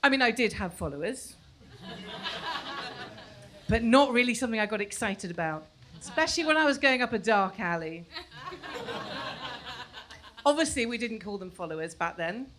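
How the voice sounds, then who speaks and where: A woman in her forties doing a stand-up comedy set on a club stage, chatty and self-mocking, sometimes mimicking her kids in shrill voices. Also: expressive, moderate pace, pauses often, a crowd in the background. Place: comedy club stage before a live audience.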